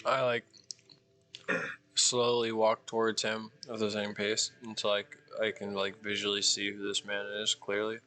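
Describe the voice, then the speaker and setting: A man's voice: fairly low pitch, monotone, moderate pace, sharp tone, slight background noise. A man playing a tabletop game, casually describing his character's actions in first person. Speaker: player.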